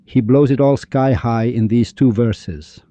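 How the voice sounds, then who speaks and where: A man's voice: medium pitch, a little slow, mellow, no room sound. A man teaching a lecture on poetry and scripture, emphatic and dramatic, speaking straight to his listeners. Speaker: religious teacher. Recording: dull lo-fi dry recording.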